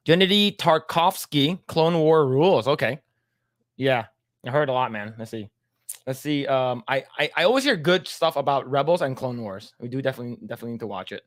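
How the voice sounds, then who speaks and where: A man's voice: mid-range voice, animated, moderate pace, long pauses, no room sound, clean studio sound. A man co-hosting a casual livestream podcast, reading chat comments aloud in a laid-back way and laughing often.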